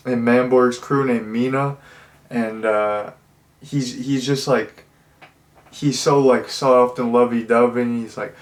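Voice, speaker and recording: A man giving a casual spoken movie review, rambling and full of filler words. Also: medium pitch. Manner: rambling, heavy use of "like" and "uh" fillers.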